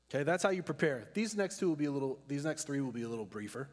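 Pastor preaching in a reverberant hall. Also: male voice, mid-range voice, lively intonation, a little mellow. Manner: earnest preaching, slows down to stress key words. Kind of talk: sermon.

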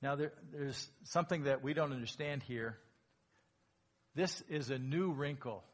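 A man preaching a sermon as pastor, lively and emphatic, acting out quoted lines in a raised voice. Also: mid-range voice, measured pace.

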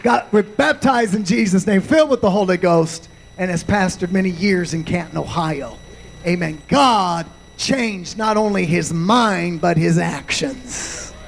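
A male pastor preaching a sermon, slow and deliberate, punctuating points with amens. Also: sits high, gravelly, rough recording.

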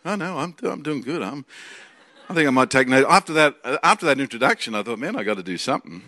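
A man with an Australian accent preaching a sermon, excitable and jokey, swinging from loud bursts to quiet asides. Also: fairly high pitch, quick pace. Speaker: preacher and Bible college teacher.

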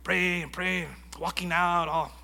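A man preaching a sermon in a lively storytelling way, acting out conversations as he goes. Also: high voice, a little slow, vocal fry, long reverb tail. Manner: animated storytelling, acts out dialogue. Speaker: guest preacher.

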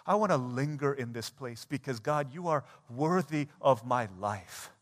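A man preaching a sermon as a pastor, animated and conversational, acting out everyday scenes. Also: mid-range voice, measured pace. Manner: animated, acts out everyday scenes in quoted voices. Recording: long church hall reverb.

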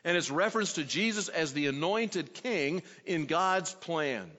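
A man delivers an expository sermon in a slightly high, lively voice. He teaches at a measured pace and acts out the quoted questions with changing inflection. The sound is dull, with a long reverb from the hall. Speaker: preacher.

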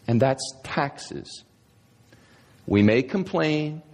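A man's voice: on the high side, slightly rough. A man preaching a sermon as a pastor, emphatic, firing off sarcastic rhetorical questions. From United States. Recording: long reverb of a large hall.

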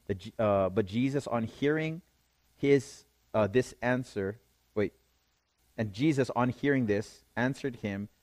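A man's voice: mid-range voice, a little slow, a little mellow, no echo. A man preaching a sermon, reading scripture aloud and explaining it, often checking in with his listeners. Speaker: pastor.

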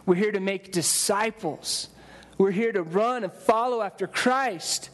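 A man preaching a conversational sermon to his church, with restarts and quick acted-out quotes. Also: high-pitched. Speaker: pastor. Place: church sanctuary.

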